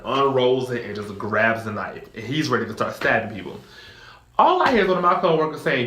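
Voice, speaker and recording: A young man, casually telling a storytime tale, acting out voices in high squeals. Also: a bit bright, roomy sound.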